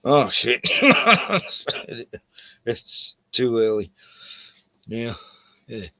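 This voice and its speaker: A man's voice: mid-range voice, sing-song, extremely slow, pushed and bright, no room sound. An Australian man hosting a casual stream, rambling and laughing as he chats. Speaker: streamer host. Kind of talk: casual chat.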